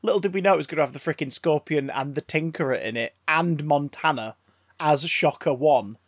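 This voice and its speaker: A man's voice: a little high, brisk, husky, no echo, clean studio sound. A man co-hosting a casual podcast chat, full of sarcastic, sweary banter. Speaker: podcast co-host.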